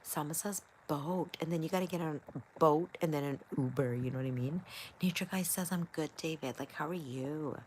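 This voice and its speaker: A woman's voice: low voice, fairly quick, darkish tone, a little hiss or hum. A woman hosting a livestream, reading chat comments in a scattered, playful, chatty way.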